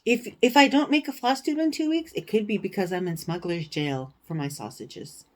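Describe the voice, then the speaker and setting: A woman hosting a stitching vlog, telling a story in a casual, animated way with indignant, sarcastic asides. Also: mid-range voice, moderate pace. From United States. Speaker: cross-stitch vlogger, show host.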